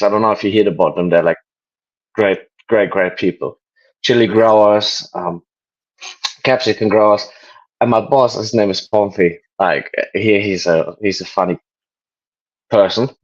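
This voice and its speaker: A German man in his late twenties speaks English with a German accent, relaxed and joking, full of pauses and fillers. His voice sits low, and the video call audio comes through dull and lo-fi. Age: 20s. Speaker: interview guest. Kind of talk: casual interview chat.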